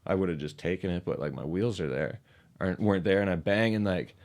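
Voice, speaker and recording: Low-voiced man telling a rambling story. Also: brisk. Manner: rambling, lots of "like", animated retelling. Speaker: podcast guest, ramp builder. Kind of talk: casual storytelling chat.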